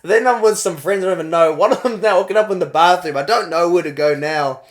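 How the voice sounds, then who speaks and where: A man's voice: high voice, fast. A young man with a New Zealand accent, co-hosting a podcast and telling a story in casual chat, acting out the quotes. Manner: animated storyteller, acts out quotes. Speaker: podcast co-host.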